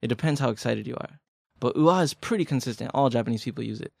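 A man's voice: medium pitch, fast, creaky, a little mellow, no room sound, studio quality. A man co-hosting a language lesson podcast, explaining grammar in a casual, chatty, joking way. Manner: laid-back, chatty, joking. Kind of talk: casual teaching chat.

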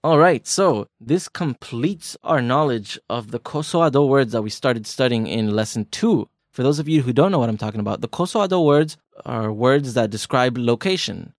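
Man, podcast host, playful, teasing, animated delivery, dry studio sound. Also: medium pitch, dry recording. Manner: teasing, animated, stretches words for emphasis. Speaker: language lesson host. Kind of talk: playful language lesson banter.

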